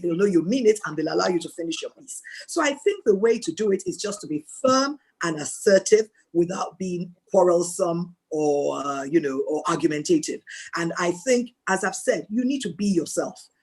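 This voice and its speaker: A Nigerian woman speaking as a guest on a mentoring video call, telling lively stories and acting out the dialogue. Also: on the low side, a little fast, slightly rough. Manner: animated storytelling, acts out dialogue. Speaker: guest speaker and board chair.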